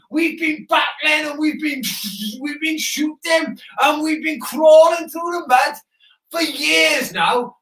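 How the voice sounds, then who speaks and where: Echo fills the room as a Welsh man with an extremely high-pitched voice hosts an interactive live show for kids, playing a soldier and chatting excitedly and loudly with viewers.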